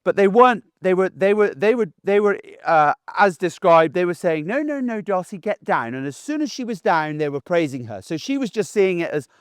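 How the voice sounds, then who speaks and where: Man, middle-aged, dog trainer, instructional talk, higher voice, dry sound, assertive, down-to-earth. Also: expressive, fairly quick, hardly any pauses, smooth, no echo. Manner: plain-spoken, assertive, down-to-earth; checks in with frequent "okay?".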